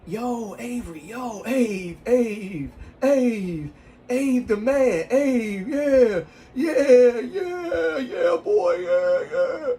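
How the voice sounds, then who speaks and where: A man voicing an excitable teenage boy classmate with a Southern US accent, repeating himself in drawn-out shouts. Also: extremely high pitch, voice pushed up, exaggerated voice. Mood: hyped.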